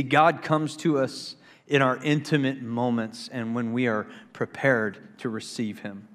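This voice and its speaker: A male pastor preaching a sermon in a church, swinging between loud, excited preaching and hushed intensity, emphatic and repetitive. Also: medium pitch. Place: church sanctuary. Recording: long reverb of a large hall.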